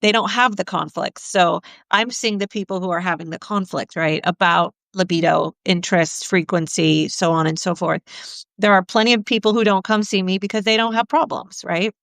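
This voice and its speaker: A middle-aged woman therapist tells frank stories about her clients, her voice smooth and clear. She slips into the voices of the people she quotes as she talks. The sound is dry and close, with no room around it. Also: lowish voice, moderate pace, no echo. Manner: candid, animated storyteller acting out quotes. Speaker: sex therapist. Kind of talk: conversational storytelling.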